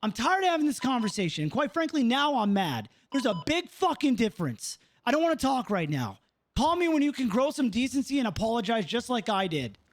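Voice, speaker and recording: A man's voice: extremely high pitch, very animated, brisk. A man playing a proud, short-tempered male police lieutenant in a roleplay game, lecturing with swearing and repeated "okay?". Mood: stern lecturing. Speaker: roleplay character. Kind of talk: in-character roleplay argument.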